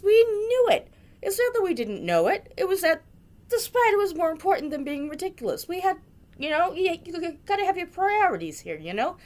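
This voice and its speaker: A middle-aged woman from Massachusetts telling a funny memory about a friend, with dramatic, jokey exaggeration. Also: fairly high pitch. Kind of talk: storytelling tribute.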